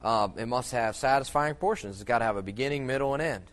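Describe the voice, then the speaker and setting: A man's voice: medium pitch, fast. A man giving an informal sermon-style talk on church music, rambling and folksy with many fillers and restarts, leaning on homely illustrations. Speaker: preacher teaching on church music.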